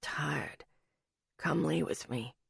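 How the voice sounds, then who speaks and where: A man's voice: vocal fry, a bit bright, slightly rough, no room sound, clean studio sound, full character voice. A woman voicing a groggy, demanding rugged man. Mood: pleading. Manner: slow, groggy, low murmur.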